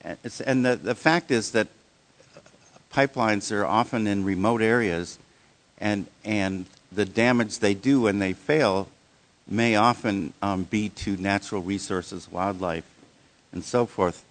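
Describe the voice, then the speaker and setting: A low-voiced man presents a live workshop in a casual, halting manner. He restarts often, uses many fillers, and checks in frequently with the audience.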